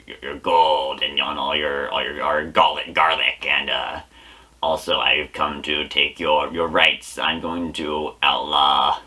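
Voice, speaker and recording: A man voicing a greedy, boastful cartoon villain in a deep put-on voice, cackling and rambling through threats. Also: pushed and bright, heavily acted. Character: greedy scheming male plumber villain, boastful.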